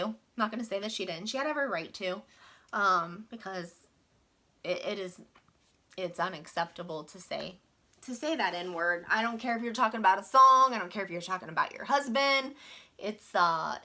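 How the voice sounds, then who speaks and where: Bright-voiced woman venting. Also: mid-range voice. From West Virginia. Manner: chatty, frank, many fillers. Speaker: vlogger. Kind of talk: casual storytime venting.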